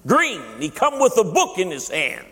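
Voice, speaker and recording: A man putting on a gruff old war-veteran uncle. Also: high voice, huge pitch swings, moderate pace, a bit bright, in a large hall, voice pushed up, heavily acted. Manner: gruff storytelling, calls people honey.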